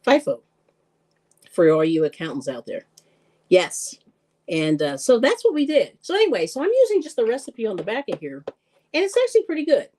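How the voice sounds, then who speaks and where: A woman hosting a live-stream cooking show, chatting casually, laughing often and greeting viewers with excited squeals. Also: on the high side, fairly quick, pauses often.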